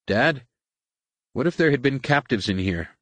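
A man's voice: mid-range voice, expressive, measured pace, no echo, voice pushed up. A man voicing an earnest, idealistic young man who argues with his father.

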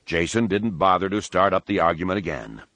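Deep male audiobook narrator, steady and unhurried, dry close recording. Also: no room sound. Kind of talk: scripted narration.

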